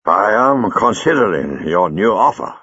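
A man voicing a calm, formal male stage magician who speaks in a clipped way. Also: lowish voice, a little slow, husky, dry recording, lo-fi sound, full character voice. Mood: cool.

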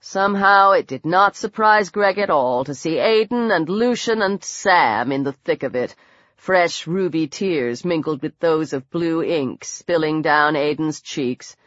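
Female audiobook narrator, unhurried dramatic horror reading; muffled, dead-dry sound. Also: deep voice, animated, a bit bright, no room sound. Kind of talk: scripted narration. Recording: dull dry audiobook recording.

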